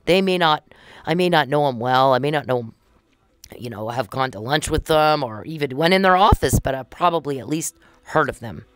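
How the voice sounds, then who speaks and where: A woman's voice: sits low, lively intonation, brisk, no echo. A middle-aged woman hosting a podcast, chatting casually and indignantly as she recounts events and acts out the conversations she had. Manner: chatty, indignant, retells conversations with quoted dialogue. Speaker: podcast host.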